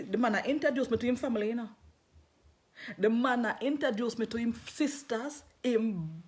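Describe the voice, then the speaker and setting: Lively woman telling a story. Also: on the high side. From London. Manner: animated, laughing, patois-laced storytelling. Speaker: vlogger telling a personal story. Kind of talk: casual storytelling.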